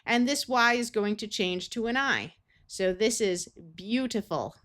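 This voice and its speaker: A woman's voice: on the high side, expressive, measured pace, fairly bright tone. An American woman teaching a phonics lesson, sounding out words carefully in parts. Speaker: reading tutor.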